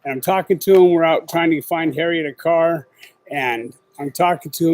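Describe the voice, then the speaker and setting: On his own livestreamed show, a middle-aged podcast host rambles casually, using profane street slang and plenty of fillers. His voice sits on the high side with a darkish tone, and he talks briskly. The recording quality is low.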